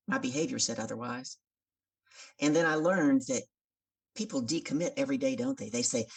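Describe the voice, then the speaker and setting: A woman with a very low, husky voice and a gravelly edge tells stories as a podcast guest. She brings the people in her stories to life by acting out their voices. She sounds a little far from the mic. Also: expressive, normal speed. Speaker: podcast guest, coach and speaker. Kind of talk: storytelling in an interview.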